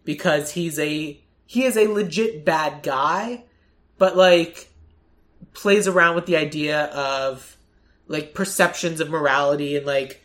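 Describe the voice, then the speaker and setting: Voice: mid-range voice, unhurried, a bit bright. A podcast co-host in casual chat, rambling with lots of fillers and acting out quoted lines.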